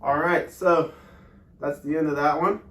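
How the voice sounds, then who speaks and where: Man, fitness instructor, somewhat high voice, roomy echo, far from the mic. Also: steady tone, a little slow, fairly bright tone. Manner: explains step by step, many ums, exercises while talking. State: out of breath during exercise. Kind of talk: guided workout lesson. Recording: echoey room, voice off-mic.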